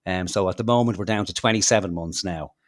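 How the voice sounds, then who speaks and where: A low-pitched Irish man, heated and foul-mouthed as he rants about politics on his podcast. His delivery is sarcastic and mocking, and the recording is dry and close, with almost no room sound. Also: fast, no echo. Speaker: podcast co-host. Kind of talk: casual political rant.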